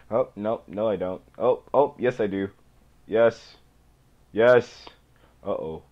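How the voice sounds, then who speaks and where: A young man giving excitable, jumpy let's play commentary as a gaming YouTuber. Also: lowish voice, slow pace, long pauses. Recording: dull lo-fi home mic.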